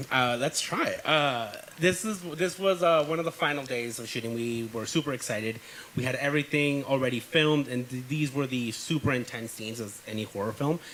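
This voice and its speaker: A young adult man, a filmmaker, telling a story in a casual interview. He tells it in a relaxed way, with frequent fillers. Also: medium pitch, moderate pace, slight background noise, low-quality recording. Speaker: filmmaker, guest.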